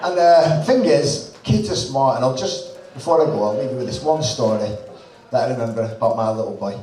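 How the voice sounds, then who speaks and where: A man's voice: medium pitch, lively intonation, a little fast, warm tone. A man, a stand-up comedian telling a swearing, chatty story on a club stage, a bit drunk. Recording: roomy live club sound from a distance.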